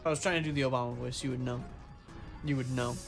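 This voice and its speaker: A man's voice: medium pitch, steady tone, fast talker, vocal fry, faint music behind. A young man co-hosting a gaming stream, chatting casually and telling anecdotes about retail customers. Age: young adult. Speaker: gaming co-host. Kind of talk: casual chat while gaming.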